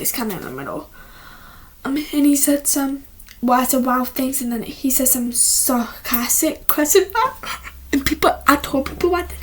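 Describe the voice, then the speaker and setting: Speaking indoors at home, this young vlogger has a high, somewhat dark-toned voice over a slight hiss or hum. Her casual chat wanders, full of restarts and frequent drops into whispering.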